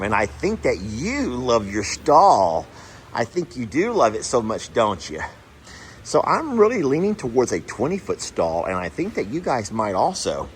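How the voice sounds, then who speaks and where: Chatty low-voiced man in a barn. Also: a bit bright, a little hiss or hum, rough recording. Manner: affectionate, chatty, talks to the animals. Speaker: horse rescue owner. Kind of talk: casual vlog. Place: barn stalls.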